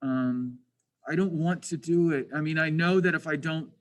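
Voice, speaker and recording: A man's voice: a little high, normal speed, low-quality recording. A man teaching a screen-recorded drafting lesson, thinking aloud with lots of restarts, self-questions and grumbling asides. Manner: frustrated, self-deprecating asides.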